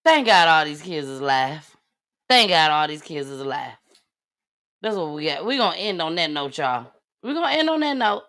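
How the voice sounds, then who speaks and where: A woman's voice: low-pitched, big pitch swings, normal speed, fairly bright tone. A woman host giving blunt, outspoken commentary in on a live talk show.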